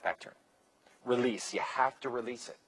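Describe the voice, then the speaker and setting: A man's voice: mid-range voice, moderate pace, a bit bright, husky, poor audio. A man teaching a live seminar, loose and joking, acting out bits of dialogue and swearing casually. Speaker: seminar instructor. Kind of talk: live lecture with anecdotes.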